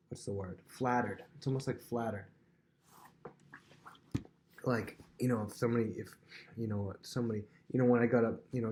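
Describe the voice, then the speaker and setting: A man's voice: on the low side, a little hiss or hum. A young man giving a casual, conversational Bible lesson, full of fillers and restarts, acting out the dialogue. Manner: chatty, acts out dialogue with animated voices. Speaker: Bible teacher.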